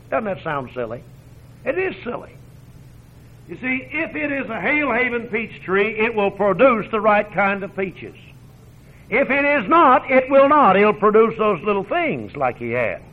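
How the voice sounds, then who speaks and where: High-voiced preacher on tinny radio. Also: male voice, very animated, normal speed, husky. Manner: homespun and joking, laughs often. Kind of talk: folksy sermon with storytelling.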